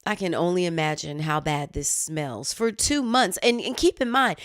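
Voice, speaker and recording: Lively woman commenting on the news. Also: on the low side, normal speed, smooth, no room sound, studio quality. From United States. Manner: animated, chatty, exclaims and laughs at herself. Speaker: host.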